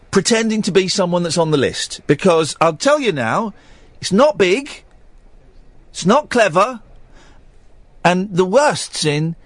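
A man's voice: on the high side, no echo. A man hosting a late-night radio phone-in from a studio, chatty and mock-stern, rambling between callers.

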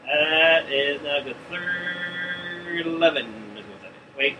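A man's voice: on the high side, slow pace, pushed and bright, distant mic, rough recording. A man playing in a tabletop game, casual and joking, recorded away from the mic with air-conditioner hum. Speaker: player.

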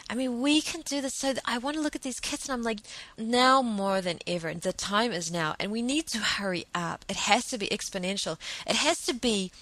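A woman's voice: on the high side, fairly quick, a bit bright, no echo. A woman hosting her own podcast, talking earnestly and thinking aloud, often repeating words as she goes. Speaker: podcast host. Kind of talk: solo podcast monologue.

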